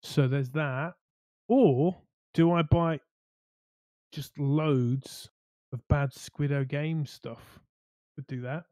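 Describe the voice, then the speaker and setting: A man co-hosting a relaxed chat show, his voice sitting a little high. He rambles, stumbles and restarts as he thinks aloud, all in a dry close sound. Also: slow, pauses often, no echo. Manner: rambling, hesitant, many restarts. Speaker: co-host. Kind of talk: casual chat.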